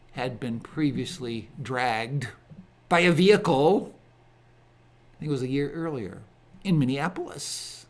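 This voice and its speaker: Man, ministry host, solo commentary monologue, slow deliberate pace, slightly high voice, emphatic phrasing. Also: fairly bright tone.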